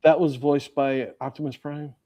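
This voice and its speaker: A man's voice: fairly high pitch, level tone, normal speed, warm tone. A man co-hosting a live comics stream, chatting casually with a playful, teasing, jokey manner. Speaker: podcast co-host. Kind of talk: casual chat.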